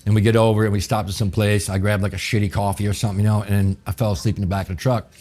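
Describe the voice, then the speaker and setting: Middle-aged guy from new orleans, real low voice, swears a lot, acts out the back-and-forth. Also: rapid-fire. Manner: profane, animated, acts out quoted exchanges. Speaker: guest chef. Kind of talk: casual storytelling.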